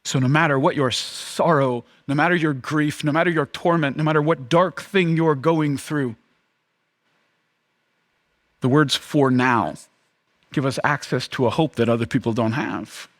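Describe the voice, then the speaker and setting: High-voiced pastor preaching casually. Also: male voice. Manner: casual, conversational preaching with many fillers; shifts between lively emphasis and hushed, slow delivery. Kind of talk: sermon.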